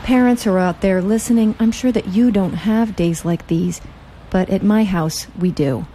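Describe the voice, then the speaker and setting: A woman's voice: medium pitch, normal speed, mellow, a little hiss or hum. A woman hosting her own show, reading a personal story aloud in a wry, candid and plain-spoken way. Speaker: host and storyteller.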